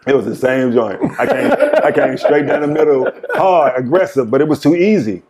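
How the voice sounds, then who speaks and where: A man's voice: mid-range voice, lively intonation, moderate pace, crowd noise. A man guest on a podcast, telling old basketball stories in a casual way and laughing through them. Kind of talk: casual storytelling.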